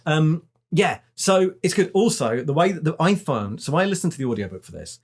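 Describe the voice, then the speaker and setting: A man's voice: on the high side, big pitch swings, fairly quick. A man co-hosting a book club podcast, rambling in a casual chat full of restarts. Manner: rambling, with many restarts and "like"s, chuckling.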